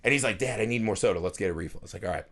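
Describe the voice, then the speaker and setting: A man in his thirties co-hosting a podcast, chatting casually, swearing freely and acting out film scenes with lively energy. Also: on the low side, rapid-fire. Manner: animated, swears freely, acts out movie scenes. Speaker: podcast co-host. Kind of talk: casual chat.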